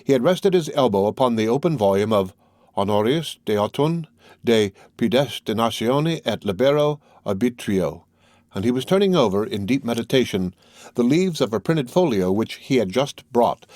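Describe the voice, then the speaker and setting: A man narrates a classic novel in a measured, even reading voice. His pitch sits in the middle range. The recording is dry and close, with no room sound around him. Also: no echo. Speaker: audiobook reader. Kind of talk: scripted narration.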